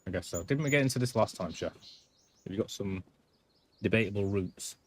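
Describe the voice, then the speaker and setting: This streamer, a man who isn't American, keeps up a rambling, offhand commentary while playing through a game live. He talks at a normal speed in a voice on the low side.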